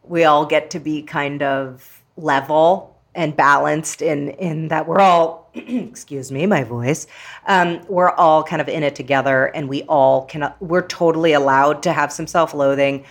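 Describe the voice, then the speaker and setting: A woman's voice: deep voice, a little slow. A woman guest, an actress and author, talking in a chatty, playful way with many fillers in a casual interview.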